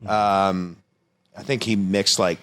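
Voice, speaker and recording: A man's voice: deep voice, takes it slowly. A man, a filmmaker guest on a podcast, telling a personal story casually, swearing and acting out what people said. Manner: animated, acts out quotes in raised voices, swears freely.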